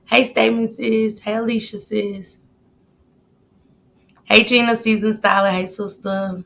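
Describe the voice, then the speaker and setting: A woman's voice: mid-range voice, level tone, a little slow, gravelly, fairly bright tone. A woman in her late forties hosting a live stream, chatting casually and greeting viewers by name. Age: 40s. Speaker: livestream host.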